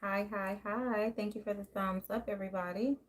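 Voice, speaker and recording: A woman's voice: mid-range voice, steady tone, moderate pace. A woman hosting a casual live tarot stream from home. She rambles in a loose, down-to-earth way and greets her viewers by name. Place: home, near a closet.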